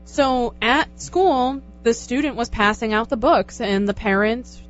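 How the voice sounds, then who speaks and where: A woman's voice: on the high side, unhurried. A woman co-hosting a casual radio chat show, chatty and teasing. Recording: dull lo-fi radio recording with faint music.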